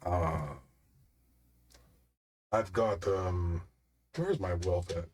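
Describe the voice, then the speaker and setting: A man's voice: low-pitched, drawn-out words, darkish tone, a little hiss or hum. A man playing in a tabletop game, joking and bantering with the group. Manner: jokey, bantering. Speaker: player.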